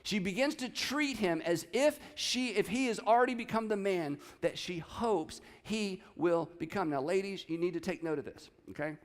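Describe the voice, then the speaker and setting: High-voiced pastor preaching in a reverberant hall. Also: male voice, moderate pace, hardly any pauses. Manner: animated storytelling, acts out quotes with rising pitch. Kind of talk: sermon. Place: church sanctuary.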